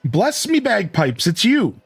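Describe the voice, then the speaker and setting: A man voicing an old Scottish gentleman with a put-on Scottish accent, reading game dialogue slowly and with relish. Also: sits high, wildly swooping pitch, vocal fry, faint music behind, voice pushed up, exaggerated voice. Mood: cheery.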